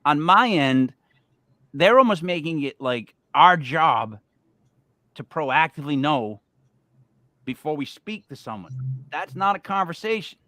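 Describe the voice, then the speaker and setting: An animated man hosts a casual podcast chat, his pitch swinging widely as he repeats words to push his point home. The sound is close and dry, with no room echo at all. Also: measured pace, pauses often. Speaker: host.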